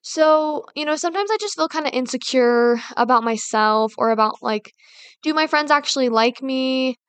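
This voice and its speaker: A woman's voice: high voice, moderate pace, fairly bright tone, clear, resonant tone, dry recording. A woman hosting a casual advice talk, rambling and filling her sentences with "like" and "you know". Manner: rambling, heavy use of fillers like "like" and "you know". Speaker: podcast host.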